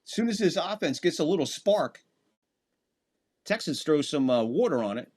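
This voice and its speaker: Slightly high-pitched, very animated, and darkish in tone, this man speaks at a moderate pace while hosting a live fan stream of a football game. He calls the plays, chats casually with viewers between snaps, and jumps up vocally on big plays.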